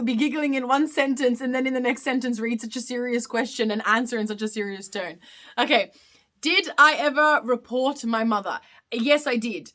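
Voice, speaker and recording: Bright, chatty Australian woman in her thirties. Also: a little high, normal speed. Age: 30s. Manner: chatty, giggly, reads comments aloud. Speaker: live Q&A host. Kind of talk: casual live-stream Q&A.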